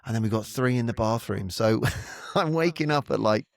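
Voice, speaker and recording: A man's voice: mid-range voice, normal speed, gravelly. A middle-aged man co-hosting a podcast, a friendly storyteller who calls his co-host mate. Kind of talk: casual podcast chat.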